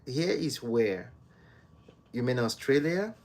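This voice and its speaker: A Nigerian-born man hosting a casual live stream from home, greeting viewers by name and chatting with them in a soft, unhurried way. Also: medium pitch. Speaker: livestream host.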